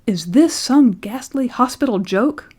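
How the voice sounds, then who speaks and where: A woman voicing a frantic, horrified father, hoarse and shouting, in an audiobook reading. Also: a little high, big pitch swings, slow pace, pitched above the performer's own voice, exaggerated voice. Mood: raging. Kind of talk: audiobook character voice.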